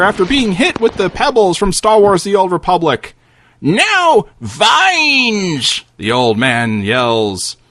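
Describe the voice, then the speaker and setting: A man's voice: high voice, fairly bright tone, no room sound, clean studio sound. A man narrating a comedic fantasy story in a theatrical, playful way.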